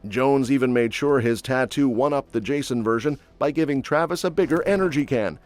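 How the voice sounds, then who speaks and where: A man's voice: mid-range voice, fairly quick, darkish tone, soft background music. A man reading a scripted celebrity gossip voice-over in a breezy, jokey manner. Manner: breezy, jokey, quippy delivery. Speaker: entertainment news narrator.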